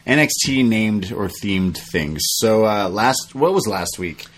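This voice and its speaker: A man's voice: on the low side, lively intonation, a little slow, fairly bright tone. Brief: young male podcast co-host, casual, acts out quotes as he tells a story. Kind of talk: casual chat.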